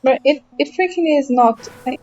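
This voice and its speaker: A woman's voice: high-pitched, moderate pace, a little mellow, dull audio. A young woman with a light German accent, chatting with her stream chat while playing a game, frustrated and talkative. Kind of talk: casual live-stream chat while gaming.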